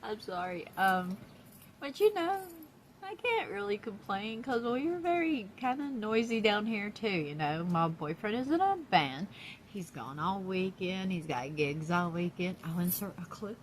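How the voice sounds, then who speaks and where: A woman's voice: mid-range voice, animated, a little slow, slight background noise. A woman chatting in a casual vlog from her apartment, blunt and profane, laughing often. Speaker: YouTube vlogger. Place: downstairs apartment.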